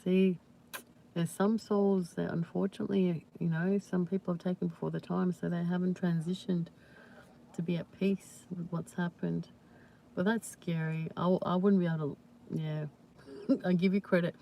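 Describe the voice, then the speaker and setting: A woman hosting a casual live chat with viewers, talking warmly and reassuringly with many "you know"s and "yeah"s. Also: lowish voice, level tone, normal speed, creaky, a little hiss or hum. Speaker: livestream host.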